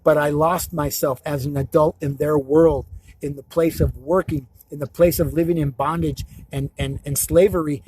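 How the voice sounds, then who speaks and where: A man giving a slow, repetitive, chant-like spiritual monologue to camera, with an emotional way of talking. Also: fairly high pitch, a little mellow, husky, no room sound, poor audio. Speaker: spiritual healer. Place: outdoors.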